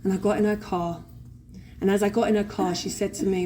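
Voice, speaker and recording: This London-accented woman speaks briskly in a mid-range voice with little pitch movement, against a noisy background. She's sharing her recovery story live to a convention hall audience, cursing freely and performing the other characters' voices.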